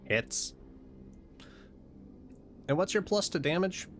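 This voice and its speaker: A man's voice: sits high, lively intonation, slow pace, a little hiss or hum. Laid-back man running the game. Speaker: game master. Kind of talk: running a live tabletop game.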